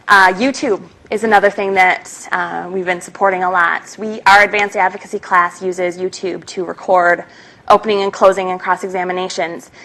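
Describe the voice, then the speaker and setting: Woman, Minnesotan accent, slightly low voice, chatty conference panelist. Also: a bit bright, poor audio. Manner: chatty, frequent ums. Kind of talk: conference presentation.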